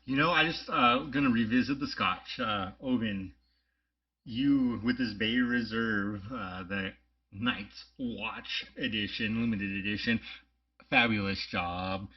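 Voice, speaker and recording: Easygoing low-voiced man co-hosting. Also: unhurried, muffled recording. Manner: easygoing, laughs often, relaxed. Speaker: podcast co-host. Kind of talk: casual chat.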